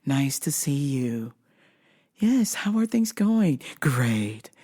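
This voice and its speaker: A woman voicing an eerily polite, robotic churchgoer who repeats slow, stiff stock greetings. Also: very deep voice, very animated, warm tone, breathy edge, pitched below the performer's own voice, heavily acted. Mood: robotic politeness.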